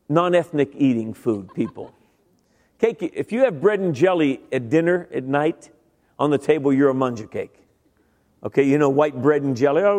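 A man's voice: medium pitch, a little mellow, in a large hall. A middle-aged man preaching a humorous sermon, telling his story with stammering impressions and self-deprecating jokes. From Italian-American family. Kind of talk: humorous sermon with acted-out voices. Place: large church sanctuary.

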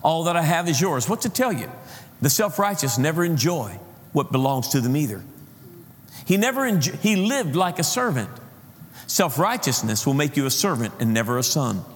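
Impassioned male preacher, fairly high voice, works the congregation, long hall reverb. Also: sing-song, moderate pace. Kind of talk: sermon.

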